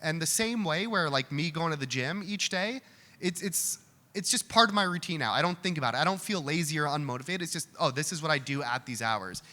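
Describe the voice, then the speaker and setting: Guy taking questions at an event, candid and chatty, bright voice, echoey hall. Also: a little high, lively intonation, a little fast. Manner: candid, conversational, repeats words when restarting. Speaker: trading speaker answering audience questions. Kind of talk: live Q&A talk. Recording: hall reverb with faint room noise.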